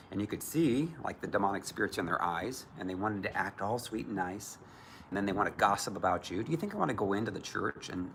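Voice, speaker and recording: A man's voice: on the low side, vocal fry, sharp tone, slight background noise. A man preaching as a Christian minister, emphatic and often mocking others in put-on voices. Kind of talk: preaching to camera.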